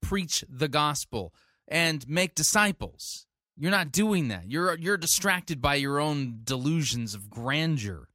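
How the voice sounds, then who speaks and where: Man, commentary host, sarcastic, scolding, bright forceful voice, dry close sound. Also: on the high side, big pitch swings, takes it slowly, dry recording. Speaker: podcast host critiquing a sermon. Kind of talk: sardonic commentary.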